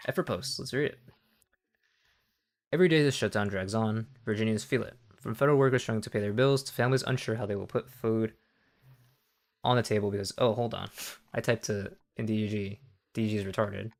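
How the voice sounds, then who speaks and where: A young man streams casual political commentary in a low-ish, gravelly voice, talking fairly quickly but with long pauses. He rambles, swears freely, and keeps cutting himself off mid-sentence.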